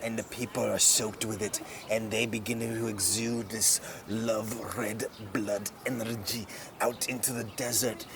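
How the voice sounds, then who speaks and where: Gravelly man rambling an absurd story. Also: medium pitch. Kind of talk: improvised comic storytelling. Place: outdoor city park. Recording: outdoor noise with passing traffic.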